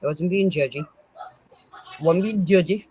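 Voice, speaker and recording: A woman co-hosting a casual live-stream chat, giggly and animated. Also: lowish voice, unhurried, husky. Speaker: co-host.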